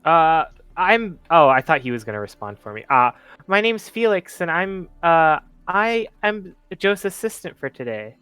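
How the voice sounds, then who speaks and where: A man's voice: a little high, sing-song, a little slow, few pauses, bright, forceful tone, clean tone, dry recording. A man playing a tabletop game who asks a lot of curious questions. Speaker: player. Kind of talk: tabletop role-play.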